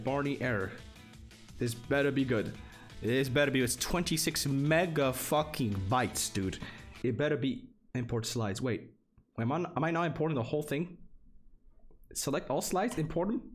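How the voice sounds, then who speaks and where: A man's voice: medium pitch, expressive, normal speed, faint music behind. A young man streaming live, flustered and swearing as he reads game text aloud. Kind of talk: live gameplay commentary.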